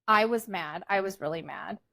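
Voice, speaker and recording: A woman's voice: medium pitch, moderate pace, vocal fry, pushed and bright, dry recording. A young woman co-hosting a podcast, telling a family story in a blunt, candid, casual way. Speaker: podcast co-host. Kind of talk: casual chat.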